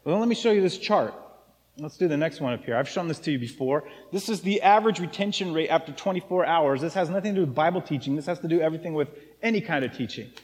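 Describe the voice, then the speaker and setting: A man's voice: on the high side, animated, fast, long reverb tail. A man preaching a casual, joking sermon as pastor of a church. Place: church sanctuary.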